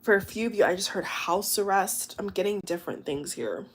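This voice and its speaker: A woman's voice: medium pitch, lively intonation, a little fast. A woman giving a collective tarot reading to her viewers, talking in an emotive, chatty way, full of exclamations and fillers. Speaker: tarot reader.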